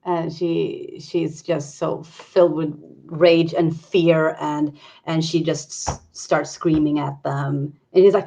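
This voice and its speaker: A woman's voice: deep voice, steady tone, slow, vocal fry, warm tone. A woman player describing her character's actions in a tabletop game, on dull lo-fi audio.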